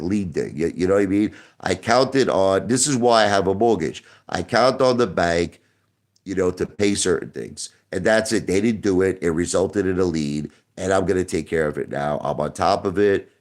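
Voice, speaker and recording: Deep-voiced man talking defensively to viewers. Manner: defensive, repeats words and restarts. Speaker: online show host. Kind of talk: casual livestream talk to viewers.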